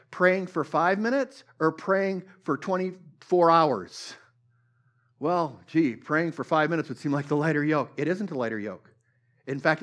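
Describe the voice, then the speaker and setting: A man preaching a sermon with a slightly higher pitch than most men. He talks in an earnest, conversational way, restarting phrases and weaving in scripture as he goes. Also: fairly bright tone. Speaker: pastor.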